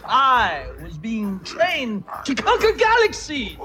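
A man's voice: very high voice, huge pitch swings, slow, bright, forceful tone, full character voice. An actor playing a haughty, scornful male alien overlord who speaks with a British accent, heard in a film clip.

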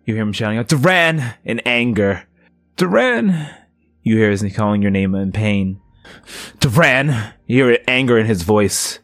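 A man narrating as game master of a tabletop game, slow and atmospheric, with restarts. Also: lowish voice, dry recording, clean studio sound.

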